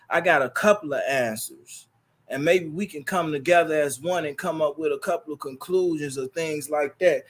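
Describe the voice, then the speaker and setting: A man's voice: a little high, fairly bright tone. A man hosting his livestream, talking casually and preachily and repeating his phrases, into a laptop mic. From Chicago. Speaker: livestream host.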